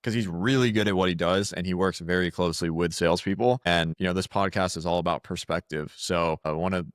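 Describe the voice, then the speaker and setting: Low-voiced casual male podcast host. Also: fast, clear, resonant tone, dry recording, studio quality. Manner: relaxed, hypes up his guest.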